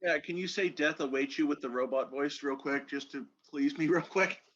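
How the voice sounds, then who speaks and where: An eager, joking man chatting as a tabletop player, his fairly high voice coming through muffled, lo-fi call audio. He talks in a casual, lively way. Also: moderate pace, slight background noise. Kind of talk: casual chat over a tabletop game. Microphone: online voice call.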